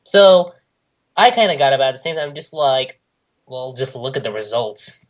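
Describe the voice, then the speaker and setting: A man's voice: mid-range voice, lively intonation, moderate pace. Easygoing man on a casual podcast. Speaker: podcast co-host. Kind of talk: casual fan podcast chat.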